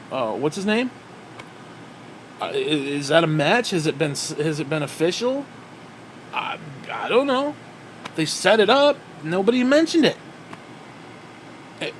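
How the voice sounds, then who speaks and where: A man's voice: fairly high pitch, slight background noise. A man giving a profane, exasperated solo rant as a wrestling reviewer, sighing often. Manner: profane, exasperated ranting with sighs. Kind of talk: ranting solo commentary.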